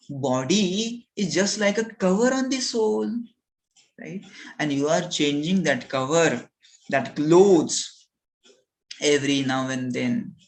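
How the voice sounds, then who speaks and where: A man leading a scripture class, talking slowly and earnestly as he explains a spiritual lesson. His voice sits high for a man, and he keeps checking in with his listeners as he goes. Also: poor audio. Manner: earnest, repetitive with rhetorical "right?". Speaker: spiritual teacher.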